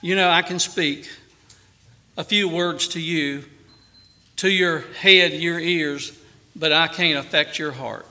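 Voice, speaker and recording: A man preaching a sermon earnestly, with emphatic rises on key phrases and a quieter, softer voice in prayer. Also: on the high side, steady tone, takes it slowly, pauses often.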